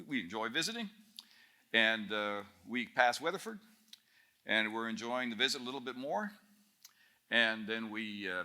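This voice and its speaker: Wry Canadian man with a bright, sharp voice. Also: mid-range voice. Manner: wry, self-mocking, hesitant with many uhs. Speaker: guest speaker at student camp. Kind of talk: storytelling talk.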